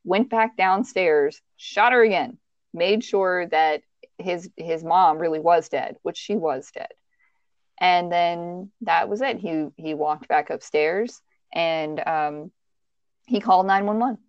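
A woman's voice: lowish voice, slow pace, no echo, lo-fi sound. A woman hosting a podcast, telling a true-crime story in a casual, conversational way with frequent restarts and fillers. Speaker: podcast host.

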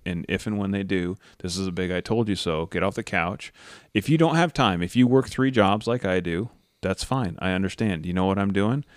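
A man's voice: sits low, no echo, clean studio sound. A man co-hosting an outdoors podcast, telling rambling jokey stories and giving blunt opinions. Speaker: podcast co-host. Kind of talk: casual podcast chat.

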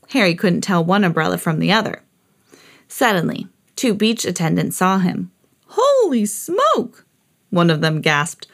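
Lively mom reading a storybook aloud. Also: female voice. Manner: expressive, jumps high for quoted characters. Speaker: podcast host reading a picture book aloud. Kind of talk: read-aloud storybook narration.

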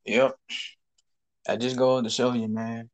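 A man's voice: mid-range voice, unhurried. A young man hosting a podcast, telling stories in a loose, profane, casual chat. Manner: loose, profane storytelling with animated swings. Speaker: podcast host.

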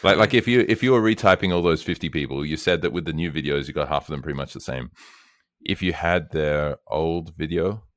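A man hosting an interview, asking halting, probing follow-up questions with frequent restarts. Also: a bass voice, no room sound, studio quality. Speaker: podcast host.

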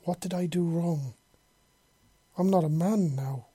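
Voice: mid-range voice, a little slow, dark tone, slightly rough, no room sound. A narrator voicing a broken, despairing young man who murmurs the same words to himself. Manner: murmured repeating loop.

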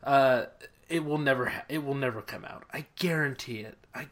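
A man's voice: medium pitch, normal speed. Opinionated man in casual podcast chat. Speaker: podcast co-host.

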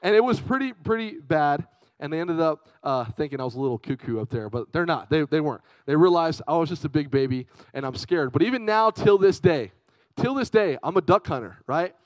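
A young man preaching to a youth group with a fairly high voice, swapping between storytelling and shout-outs to the crowd. His delivery is chatty and lively, and the sound is close and dry with little room echo. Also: a little fast. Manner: lively, chatty, calls out to the audience. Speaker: youth speaker. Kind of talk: youth sermon with personal storytelling.

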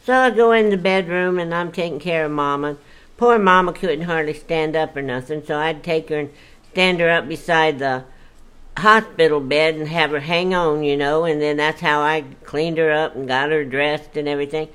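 A woman's voice: deep voice, moderate pace, a bit bright, clear, resonant tone. An older woman telling stories from her life in a chatty, folksy, exclamatory way. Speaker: storyteller guest. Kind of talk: casual storytelling.

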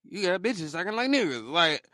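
A young man hosts a podcast, his high, sing-song voice brisk and sharp, recorded cleanly in a studio with no echo. He rambles through a casual motivational monologue, joking and laughing often. He mocks people who envy success by putting on silly voices.

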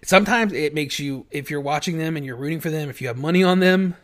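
A man's voice: on the high side, fast talker. A man co-hosting a casual sports chat who rambles and repeats his words. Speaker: podcast co-host.

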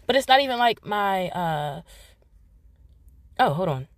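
Animated, profane woman ranting. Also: medium pitch, a little slow. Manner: profane, blunt, ranting storyteller. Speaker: podcast host. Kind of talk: casual solo podcast rant.

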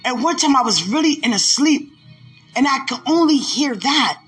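A woman's voice: high-pitched, expressive, normal speed, fairly bright tone, faint music behind. A woman hosting a devotional podcast, laughing often and talking aloud to God between emphatic, preachy lines. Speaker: podcast host.

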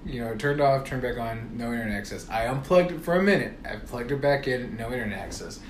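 Animated storytelling man in an echoey room. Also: medium pitch, fast, a little hiss or hum. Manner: animated, swears freely, acts out both sides of calls. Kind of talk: casual storytelling among friends.

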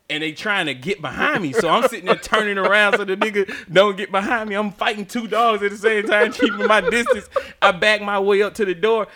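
Man, casual podcast host, high voice, bright tone, laughs a lot while telling stories. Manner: animated, laughs often, profane slang. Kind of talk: casual storytelling chat.

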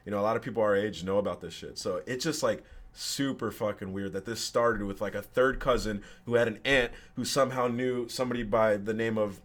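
A man's voice: lowish voice, a little fast, few pauses. A man in his twenties, a podcast guest, casually telling a personal story with slang and swearing. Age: 20s.

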